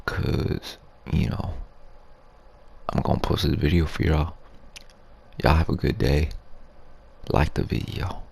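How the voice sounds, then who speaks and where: Very deep gravelly young man, rambling. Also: little pitch movement, takes it slowly, pauses often, a little mellow. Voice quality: low gravelly breathy voice. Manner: rambling, crude slang-heavy street talk. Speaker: YouTube storyteller. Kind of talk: ASMR storytelling, half whispered.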